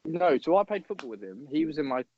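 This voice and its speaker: A young man co-hosting a podcast, telling a story in an animated, exasperated way. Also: a little high, quick pace. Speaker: podcast co-host. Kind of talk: casual storytelling chat. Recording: dull lo-fi podcast audio.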